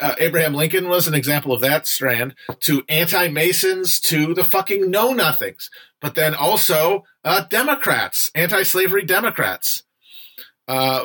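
In this casual book discussion streamed live, a young man goes on about a history book he's been working through. He sounds bright and a touch high-pitched, wandering off on tangents, restarting sentences, saying "uh" a lot and cursing occasionally.

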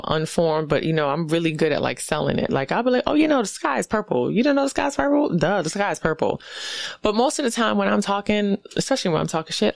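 A woman from the US East Coast hosting a casual solo podcast, riffing in an animated, profane, sarcastic way. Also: on the low side, no echo. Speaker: podcast host.

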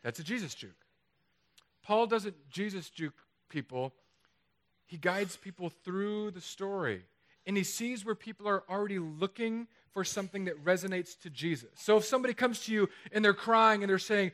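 Pastor with a slightly high voice, casual and joking from the pulpit of a chapel. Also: male voice, moderate pace. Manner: lively, conversational, joking. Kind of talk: sermon.

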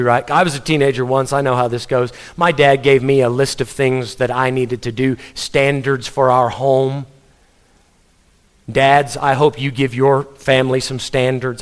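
A man, a pastor, preaching a sermon in an emphatic way, asking the congregation questions and often repeating words as he presses his point. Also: medium pitch.

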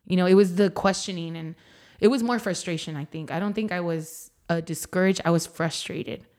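Young woman singer, lowish voice, thinks out loud, repeats herself, reflective interview answers. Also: a little fast. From San Antonio, Texas. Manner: thoughtful, repeats phrases as she thinks aloud. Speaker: singer-songwriter guest.

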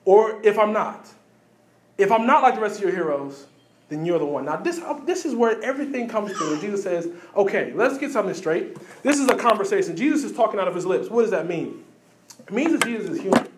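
A fairly high-voiced man preaches, jumping between quick asides and repeated phrases. His voice rings out through a roomy church hall. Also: animated, slight background noise. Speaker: pastor. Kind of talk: sermon.

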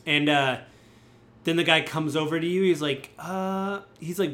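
A man's voice: on the high side, measured pace, a bit bright. Casual rambling male game master. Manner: casual, rambling, filler-heavy. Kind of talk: narrating a tabletop game.

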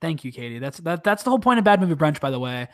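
A podcast co-host recapping a movie in casual chat, excitable and swearing a lot, with heavy filler words. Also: medium pitch, very fast, no room sound, studio quality.

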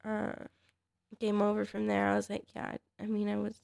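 Young woman with a gravelly edge. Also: mid-range voice, completely flat delivery, normal speed, a little mellow. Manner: hesitant, many fillers and restarts. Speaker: guest, MMA fighter. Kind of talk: casual podcast chat.

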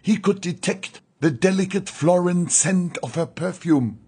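A man narrating an audiobook in a measured, solemn storytelling manner. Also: high voice, darkish tone, slightly rough.

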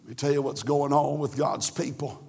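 A man preaching a sermon, telling a story and then rising to shouted emphasis in a church. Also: medium pitch, steady tone, normal speed, gravelly, breathy edge. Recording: echoey church hall.

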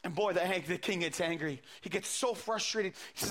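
A male preacher delivers a sermon, walking his listeners through a scripture story. His voice sits very high and sounds bright and forceful. He often repeats words as he builds each point. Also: moderate pace. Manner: retelling scripture with quoted dialogue, frequent repetitions.

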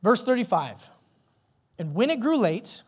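Animated pastor preaching a conversational sermon. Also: male voice, sits high, measured pace, slightly rough. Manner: conversational, animated, asks the congregation questions.

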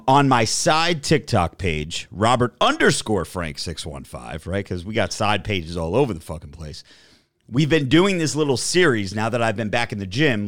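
A man in his thirties rambles through casual podcast chat, swearing freely and swinging from low mutters to loud rants. His pitch is animated and lively. The sound is dry and close. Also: no room sound. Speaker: podcast co-host.

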